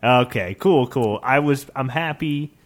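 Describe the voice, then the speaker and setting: A man's voice: mid-range voice, unhurried. A man playing a tabletop game, chatting casually with some hesitation. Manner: hesitant, fills gaps with "uh". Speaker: player. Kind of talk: casual chat.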